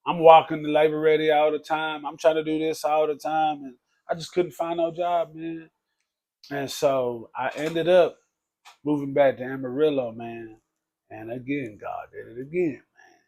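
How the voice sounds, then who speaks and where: A man telling his life story in a casual podcast conversation, talking loosely and dropping low to quote others. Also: steady tone, normal speed, darkish tone. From Texas. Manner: conversational, peppers speech with "man" and "bro", drops low for quoted speech. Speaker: podcast guest.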